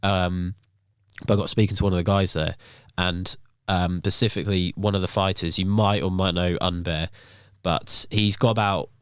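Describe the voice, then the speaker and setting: A young man talking casually as a podcast guest, rambling through stories and filling the gaps with "um" and "like". His voice sits low and comes out smooth and clear. The sound is dry and close. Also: level tone, moderate pace, no echo. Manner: rambling, filler-heavy storytelling.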